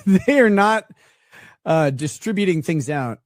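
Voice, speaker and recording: A man talking on his own live stream, rambling and halting, sighing and correcting himself as he goes. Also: sits high, lively intonation, no echo, clean studio sound. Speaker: streamer shown in a clip.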